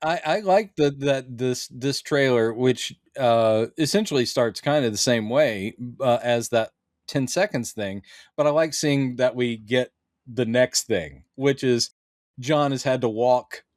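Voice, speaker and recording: A middle-aged man talking on a podcast, rambling with plenty of "uh"s and restarts. His voice sits right at the mic with no room around it. His pitch is ordinary for a man. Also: unhurried, no room sound, studio quality. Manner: rambling, hesitant with many fillers. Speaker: podcast host. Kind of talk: casual podcast chat.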